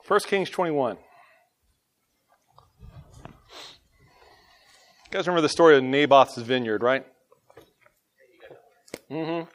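A man's voice: on the high side, animated, takes it slowly, long pauses. A man with a Southern US accent, teaching a casual Bible study, joking and laughing at himself between scripture readings.

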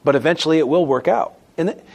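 A man preaching a sermon as pastor, emphatic, moving between loud stressed words and quiet asides. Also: on the high side, animated, quick pace, creaky, breathy edge.

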